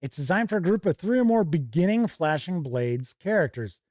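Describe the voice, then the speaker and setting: A man's voice: fairly high pitch, lively intonation, normal speed, darkish tone, no room sound, clean studio sound. A middle-aged man hosting a casual livestream, reading passages aloud from old game books and correcting himself as he goes. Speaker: host.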